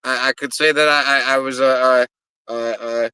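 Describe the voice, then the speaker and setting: A man's voice: mid-range voice, steady tone, normal speed, bright, forceful tone, smooth, no room sound, poor audio. A man, a pro wrestler, cutting a brash, profane promo and rambling and stammering through interview answers.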